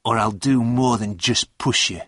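A man voicing a jealous young bully in a read-aloud story, speaking slowly and threateningly. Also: medium pitch, sharp tone, no echo, studio quality. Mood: menacing.

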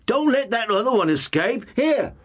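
A man's voice: extremely high pitch, sing-song, normal speed, pitched above the performer's own voice, heavily acted. A male narrator voicing a terse old boatman at the tiller, calling out short warnings. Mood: urgent.

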